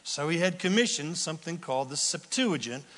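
Animated male preacher, high register, casual storytelling, recorded in a reverberant hall. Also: a little fast. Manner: animated, acts out Bible scenes with casual voices. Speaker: pastor. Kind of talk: sermon.

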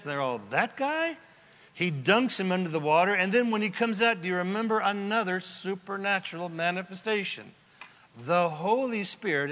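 A man preaching a sermon as a pastor, telling the story in a lively, joking way and acting out the quotes. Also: high-pitched. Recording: long hall reverb from a large room.

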